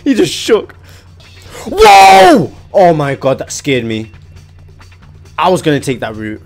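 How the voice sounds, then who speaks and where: A young man giving excitable, slangy commentary on a video game, often yelping and laughing. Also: mid-range voice, moderate pace, soft background music. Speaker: gaming YouTuber. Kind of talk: gaming commentary.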